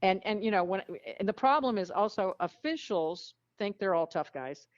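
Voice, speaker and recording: A woman tells frank, animated stories as an interview guest, blunt and lively in her delivery. The recording is muffled and lo-fi. It is also very dry, with no room sound. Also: mid-range voice, normal speed, dry recording. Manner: animated, frank storyteller who acts out quotes. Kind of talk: storytelling in a casual interview.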